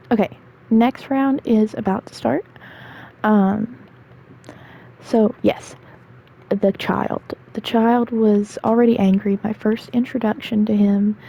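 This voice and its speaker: A woman's voice: medium pitch, gravelly, breathy edge, muffled recording. A woman in her twenties, rambling through casual stories with lots of fillers while she plays a game. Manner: chatty, rambling with fillers and asides. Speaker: gaming storyteller. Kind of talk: casual storytelling while gaming.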